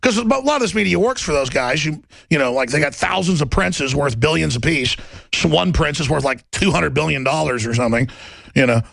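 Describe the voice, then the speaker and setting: A middle-aged man hosting a talk radio show, ranting sarcastically and mocking his critics, often bursting into shouts. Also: a little high, animated, a little fast, vocal fry, no echo.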